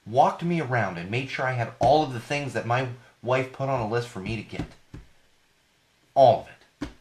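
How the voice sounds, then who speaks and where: A man in his thirties with a hoarse voice from a cold, hosting a podcast in a casual rambling monologue that repeats phrases for emphasis. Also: medium pitch, lively intonation, moderate pace. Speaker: podcast host.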